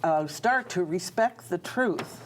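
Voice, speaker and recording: A woman speaks on a studio political panel with a fairly low voice for a woman. She is earnest and halting, circling back over her words, while a faint hiss sits underneath. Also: expressive. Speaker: panelist, speech coach.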